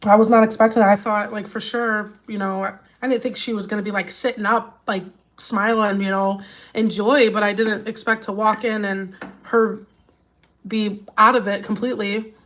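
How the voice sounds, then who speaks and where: A woman's voice: medium pitch, flat delivery, moderate pace, a bit bright. A woman and mother chatting casually with viewers, worried and rambling with many restarts, upset and near tears. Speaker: vlogger. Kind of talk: casual live chat with viewers.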